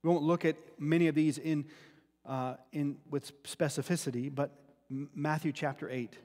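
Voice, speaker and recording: A man's voice: fairly high pitch, steady tone, normal speed, darkish tone. A man preaching a sermon, earnest and often restarting words as he teaches from scripture. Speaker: pastor. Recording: long hall reverb.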